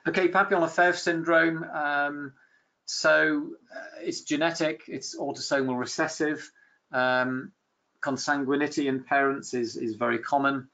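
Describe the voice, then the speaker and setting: A man's voice: fairly high pitch, steady tone, unhurried, sharp tone. A man giving a webinar lecture, telling clinical case stories in a conversational way with many fillers and restarts.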